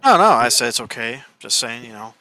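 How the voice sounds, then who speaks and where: A young man with a bright, forceful voice, joking around crudely with friends on a podcast. He talks in easy, casual banter and sounds close and dry, with no room around him. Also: medium pitch, animated, fairly quick, dry recording. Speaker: podcast co-host.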